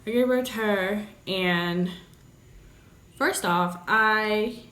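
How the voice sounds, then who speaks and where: A woman's voice: medium pitch, extremely slow, a bit bright. A young woman vlogger telling a candid story in a blunt, joking, profane way. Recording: roomy echoey room.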